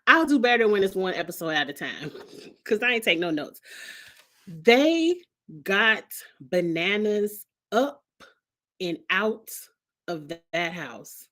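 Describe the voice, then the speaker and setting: A woman with a mid-range voice recaps a reality TV show in a casual vlog, speaking slowly with frequent pauses. She's animated, chatty, and slangy, cursing freely as she talks directly to her viewers.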